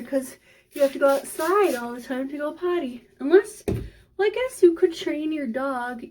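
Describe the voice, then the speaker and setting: A woman's voice: sits high, a little mellow, slight background noise. A woman chatting casually as she cooks in her home kitchen, rambling and talking to her cat. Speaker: vlogger. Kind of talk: casual cooking vlog chat.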